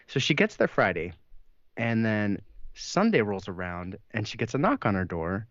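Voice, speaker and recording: A male podcast co-host tells a long story during casual chat, swearing freely, laughing often, and acting out quotes. His lowish, slightly bright voice swings widely in pitch at a moderate pace. The mic sound is dry with no echo and a bit dull.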